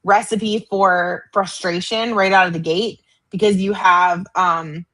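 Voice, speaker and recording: Quick-thinking woman co-host, conversational. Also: mid-range voice, steady tone, bright, forceful tone, rough recording. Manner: quick, thinks aloud, uses "like" often. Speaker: podcast co-host, educator. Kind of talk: casual chat.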